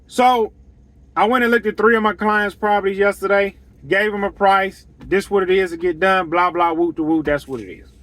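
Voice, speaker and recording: A man's voice: high voice, fairly even intonation, moderate pace, a bit bright, no room sound. A man who runs a lawn care business, giving blunt, emphatic advice on pricing and repeating his points to drive them home. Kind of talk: straight-talking business advice monologue.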